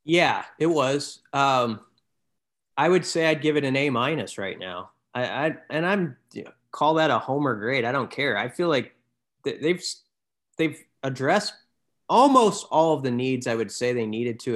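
Casting note: mid-pitched male co-host, relaxed, rambling, self-correcting delivery. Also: a little slow. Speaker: sports talk co-host. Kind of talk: casual sports chat.

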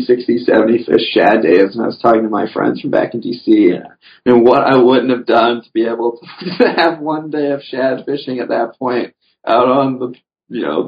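A man's voice: fairly low pitch, creaky. A man chatting casually on a podcast as a guest, rambling through his stories with lots of "you know" fillers. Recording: dull lo-fi recording.

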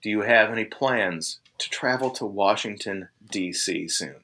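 A man voicing a tired male federal marshal, who asks questions in a low, flat way. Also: normal speed. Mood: weary.

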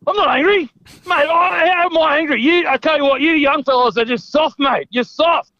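A man doing a yelling, cranky old-school reporter. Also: very high-pitched, brisk, no room sound, heavily acted. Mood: ranting. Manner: yells, repeats "mate", blunt and combative. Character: shouting, cranky male veteran sports journalist. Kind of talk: comedy impression on a phone call. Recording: muffled phone line.

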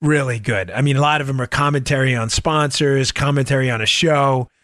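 A man hosting a political podcast, delivering a sarcastic, animated commentary monologue. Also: brisk, dry recording, studio quality. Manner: animated, sarcastic, mimics people in high voices. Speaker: podcast host.

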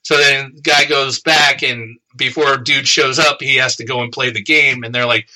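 A man co-hosting a podcast, casually retelling a novel's plot with profanity and quick voiced quotes. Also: mid-range voice, steady tone, sharp tone, rough recording. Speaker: podcast co-host summarizing the book. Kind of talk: casual chat.

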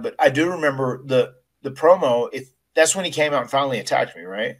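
A man's voice: fairly high pitch, moderate pace. A middle-aged man and podcast host telling a story in casual conversation, with frequent restarts and emotional recollection. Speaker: podcast host, retired wrestler.

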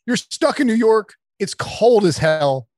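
A man guesting on a sports podcast, chatting casually and laughing often, with quick asides. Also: high-pitched, animated, a little mellow, no room sound, studio quality.

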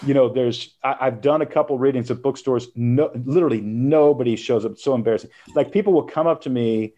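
Animated man telling a story. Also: mid-range voice, brisk, dull audio. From United States. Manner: animated storyteller, laughs and acts out quotes. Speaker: guest author. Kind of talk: storytelling interview.

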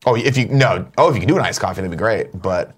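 A man's voice: on the low side, expressive, fast talker. A man co-hosting a casual morning talk show, brash and rambling, comically provocative. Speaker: co-host. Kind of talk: casual chat.

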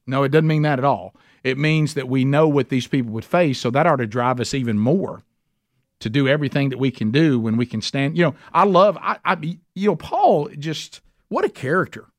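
A man's voice: mid-range voice, lively intonation, fairly quick, dry recording, clean studio sound. A man teaching a men's Bible study in an earnest, emphatic, folksy conversational sermon style.

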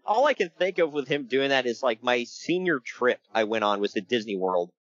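Animated jokey man recapping wrestling. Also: medium pitch, moderate pace, dry recording, dull audio. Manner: animated, jokey, laughs often. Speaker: podcast co-host recapping wrestling. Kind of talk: casual chat.

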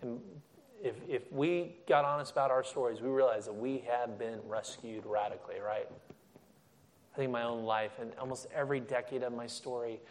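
A middle-aged man giving a sermon as a guest speaker, telling stories with energy and often restarting his sentences. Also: medium pitch. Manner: animated storytelling with frequent restarts.

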